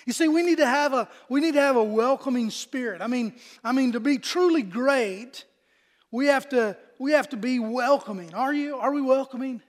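High-voiced pastor preaching in a reverberant hall. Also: male voice, normal speed. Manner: earnest, repeats words, folksy asides. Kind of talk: sermon.

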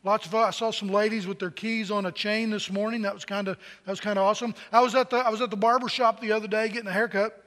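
A man's voice: high voice, steady tone, fast talker, fairly bright tone, big-room sound. A man preaching a sermon to a large congregation, joking and telling stories, with many repeated words. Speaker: pastor. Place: large church hall.

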